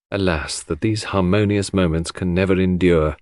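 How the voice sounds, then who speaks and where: A man reading a classic mystery aloud in measured, expressive narration. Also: low voice, dry recording, studio quality. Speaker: audiobook narrator.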